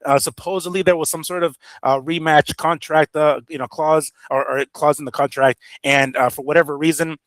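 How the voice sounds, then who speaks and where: A man's voice: a little high, fairly even intonation, fairly quick, hardly any pauses, fairly bright tone, no echo. A man co-hosting a boxing show, talking loosely and profanely with many fillers. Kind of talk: casual podcast chat.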